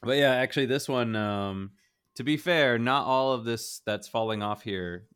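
A man's voice: medium pitch, moderate pace, fairly bright tone, smooth. A middle-aged man co-hosting a casual gaming chat show, rambling and hedging with frequent chuckles. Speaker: podcast co-host.

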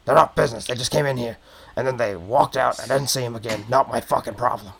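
A man's voice: mid-range voice, steady tone, slow pace, creaky, crowd noise, voice pushed down. A man doing a grumpy foul-mouthed goblin barkeep. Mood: irritated.

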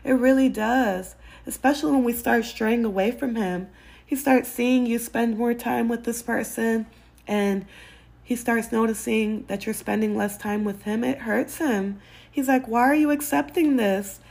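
Woman, gravelly fry, fairly high voice, earnest candid podcast host, faith-based advice talk. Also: fairly even intonation, measured pace, a little mellow. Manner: earnest and candid, casual swearing.

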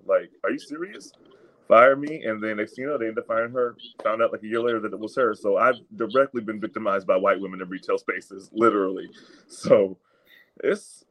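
A young man on a casual podcast chat, telling stories with lively acted-out quotes. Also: fairly low pitch, poor audio. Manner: animated storytelling, acts out the people he quotes. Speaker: podcast co-host.

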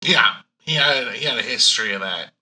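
A man's voice: medium pitch, moderate pace, bright, forceful tone, slightly rough, poor audio. A man chiming in with brief remarks in a casual podcast chat. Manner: brief interjections.

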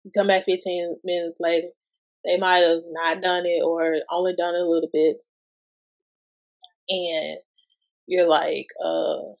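A woman's voice: fairly low pitch, little pitch movement, measured pace, creaky, pauses often, low-quality recording. A woman in her thirties hosting a podcast, talking casually about parenting and asking lots of rhetorical questions in loose everyday speech. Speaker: guest podcast host.

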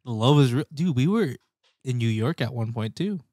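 A man in a casual podcast chat with an upbeat, slangy way of talking. His voice sits at a mid pitch, recorded close and dry. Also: expressive, moderate pace, warm tone, no echo. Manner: slangy and upbeat, says "bro" and "dude". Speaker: podcast co-host.

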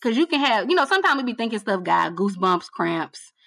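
A woman being interviewed about her work as a TV producer, telling her story in a casual, animated way and repeating phrases for emphasis. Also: medium pitch, quick pace, vocal fry. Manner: colloquial, addresses listener as girl. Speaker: guest, TV producer.

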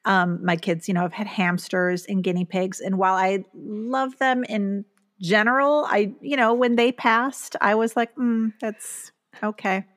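A woman's voice: mid-range voice, fairly even intonation, normal speed, a bit bright. A middle-aged woman, a guest author, talking earnestly and reflectively in a casual podcast conversation, with plenty of fillers.

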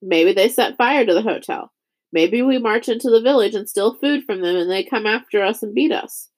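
A woman reading a weary, thoughtful father in a storybook, softer and lower than her narration. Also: normal speed, natural voice. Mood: grave.

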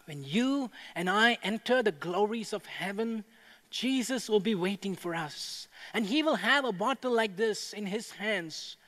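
High-voiced preacher in an echoing hall. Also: male voice, lively intonation, a little slow, fairly bright tone. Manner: builds to impassioned proclaiming. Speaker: pastor. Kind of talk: sermon. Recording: echoey hall with long reverb.

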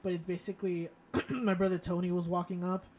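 A man's voice: high-pitched, level tone, brisk, darkish tone, slight background noise. Chatty young man telling stories. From Florida. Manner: chatty storyteller, many fillers, laughs often. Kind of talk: casual chat.

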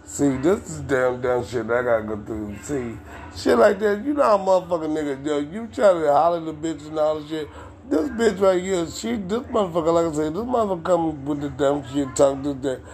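A man hosting a podcast, delivering a heated, profane rant and at times shouting. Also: fairly high pitch, lively intonation, brisk, a little hiss or hum. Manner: ranting, heated, swearing constantly, sometimes shouting. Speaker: podcast host.

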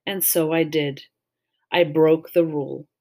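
Woman reading aloud, children's novel, calm, measured, fairly low voice.

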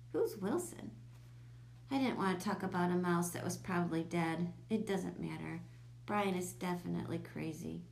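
A woman's voice: on the low side, vocal fry, darkish tone. A woman reading a children's chapter book aloud, raising her voice for the children's lines. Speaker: storybook reader. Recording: echoey room with faint hum.

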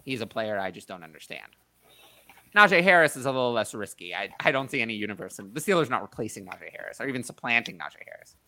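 Guy hosting sports chat, bright sharp voice, opinionated, dry room. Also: medium pitch, very animated, fast, no echo. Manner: opinionated, thinks aloud with restarts. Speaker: podcast host. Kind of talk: casual fantasy football chat.

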